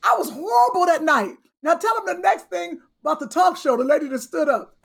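A woman co-hosting a comedy podcast, joking loudly in casual banter and mocking herself between laughs. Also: extremely high pitch, animated, brisk, creaky. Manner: loud, laughing, self-mocking interjections.

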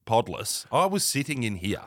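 A man's voice: medium pitch, very animated, moderate pace, dry recording. An Australian man co-hosting a podcast, telling a rambling, self-mocking story with plenty of swearing in a studio. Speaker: podcast co-host. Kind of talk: casual storytelling chat.

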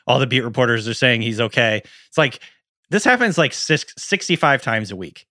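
Bright-voiced man in casual chat. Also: medium pitch, normal speed, dry recording, studio quality. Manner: expressive, acts out his own reactions. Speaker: podcast co-host.

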